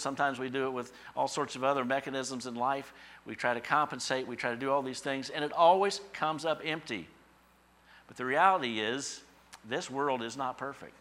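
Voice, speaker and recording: With a pushed, bright sound, a middle-aged male pastor delivers his sermon like a conversation, telling stories and putting on a higher voice to act out quoted thoughts.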